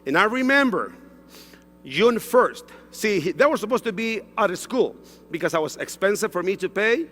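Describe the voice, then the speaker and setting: A man's voice: high voice, expressive, normal speed, a bit bright, in a large hall. A man from Mexico giving an emotional personal testimonial on stage, repeating himself, with broken English phrasing. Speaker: stage speaker at a sales event. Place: large event hall on stage.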